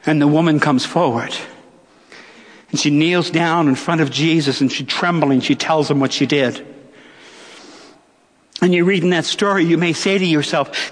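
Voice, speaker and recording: A middle-aged male pastor preaching a sermon, with dramatic pauses and rhetorical questions. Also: a little high. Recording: long church reverb.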